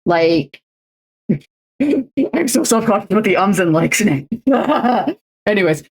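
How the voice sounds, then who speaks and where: A woman's voice: medium pitch, expressive, slow pace, darkish tone, slightly rough. A young adult woman streamer in casual chat, talking in loose runs full of fillers and restarts. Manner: chatty, many fillers and restarts. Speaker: streamer and co-host.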